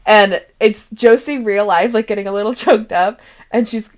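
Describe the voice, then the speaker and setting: A woman's voice: medium pitch, moderate pace. Giggly, rambling young woman game master. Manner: rambling, giggly, laughs often between thoughts. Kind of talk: casual chat about a tabletop campaign.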